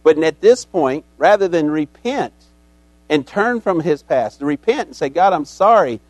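A man's voice: a little high, lively intonation, measured pace, darkish tone, no room sound. A man preaching a sermon as a pastor, telling the story dramatically and acting out its characters.

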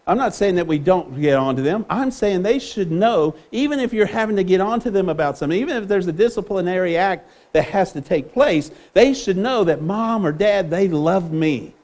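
A man's voice: high voice, lively intonation, normal speed, hardly any pauses, a little mellow. A man preaching a sermon in an earnest way, often repeating words as he restarts.

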